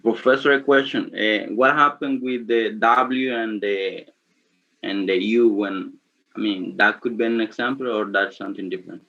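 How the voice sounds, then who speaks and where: A male student with a Spanish accent asks his professor a question, pausing and groping for his words. His voice sits a little low, and the audio sounds dull and lo-fi. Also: vocal fry, fairly bright tone. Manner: hesitant, searching for words.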